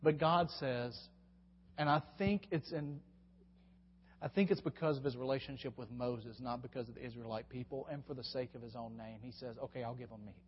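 A man preaching a sermon, asking rhetorical questions, answering them himself and stretching words out with emphatic pauses. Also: mid-range voice, slight background noise. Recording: dull sound with long hall reverb.

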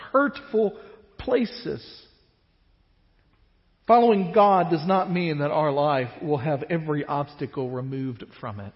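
High-voiced preacher in a reverberant hall. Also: male voice. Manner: animated preaching, drops to a hush at phrase ends. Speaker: pastor. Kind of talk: sermon. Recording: dull reverberant church hall.

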